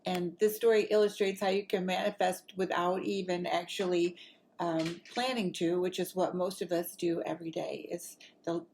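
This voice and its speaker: Low-voiced woman telling a rambling story. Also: moderate pace, a little hiss or hum. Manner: rambling and chatty, lively when excited. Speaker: vlogger. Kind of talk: casual storytelling to camera.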